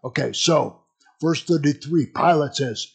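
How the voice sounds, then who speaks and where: Slow, gravelly Bible study teacher. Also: male voice, fairly high pitch. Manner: rambling, conversational teaching with asides.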